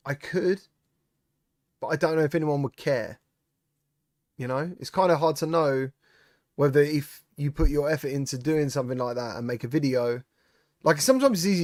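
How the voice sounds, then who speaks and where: A man's voice: mid-range voice, darkish tone, no room sound, clean studio sound. A man hosting a casual live-stream chat, greeting viewers by name and answering their comments. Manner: chatty, reads out viewer comments and greets them. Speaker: streamer host.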